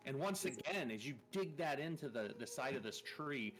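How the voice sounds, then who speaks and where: A man's voice: medium pitch, expressive, moderate pace, a bit bright. A man narrating a tabletop game as game master in a loose, casual way, swearing and laughing between rules calls.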